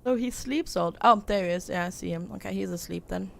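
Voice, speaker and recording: A woman's voice: medium pitch, fast, vocal fry, slight background noise. A young woman hosting a game playthrough, reading the characters' lines in her own voice with fillers and casual asides. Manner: reads flatly with fillers and asides, laughs at herself. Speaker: let's play host. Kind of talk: reading game dialogue aloud and commenting.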